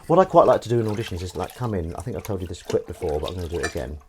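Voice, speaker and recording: A man's voice: deep voice, lively intonation, very fast, darkish tone, slight background noise. A man chatting casually on a live stream while washing up, rambling, joking and swearing freely.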